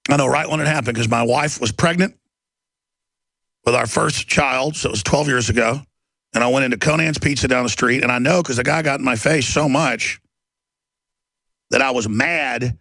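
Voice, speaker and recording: A man's voice: mid-range voice, moderate pace, pauses often, fairly bright tone, no echo. A middle-aged man hosting a talk radio show, ranting and telling stories, acting out the voices of the people in them. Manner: ranting, storytelling, acts out quoted voices.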